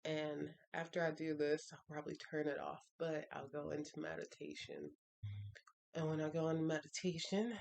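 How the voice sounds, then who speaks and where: A woman vlogger calmly walking through her spiritual routine, speaking softly and reflectively and reciting affirmations. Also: low voice, a little slow, vocal fry. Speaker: vlogger sharing a ritual. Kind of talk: casual spoken walkthrough of a spiritual routine.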